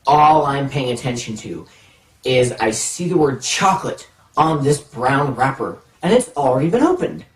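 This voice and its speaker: A man telling a childhood story in an animated, playful way, dragging out pauses for suspense. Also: mid-range voice. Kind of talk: personal anecdote storytelling. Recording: roomy, from a distance.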